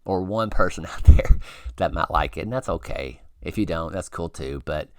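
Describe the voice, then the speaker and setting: A man's voice: sits low, moderate pace, dry recording, studio quality. A man hosting a review channel, recapping a TV episode in a rambling, friendly way with lots of fillers. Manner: rambling, many fillers and restarts; relaxed and friendly. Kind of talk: casual spoken episode recap.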